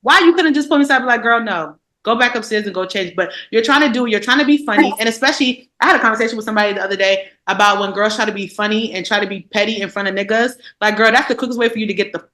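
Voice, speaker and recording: A bright, fairly high woman's voice, blunt and animated as she tells stories and mimics her friends. The sound carries a roomy echo around it. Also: racing, few pauses. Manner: blunt, animated storytelling with acted-out quotes. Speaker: podcast co-host. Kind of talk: casual chat.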